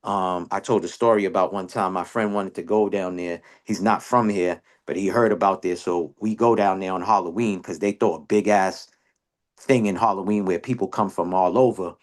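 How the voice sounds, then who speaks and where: A man, telling a story in a slang-filled casual chat and jumping up in pitch whenever he quotes people. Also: moderate pace. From Boston area. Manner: animated storyteller, slang-heavy, jumps high when quoting people. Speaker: podcast host.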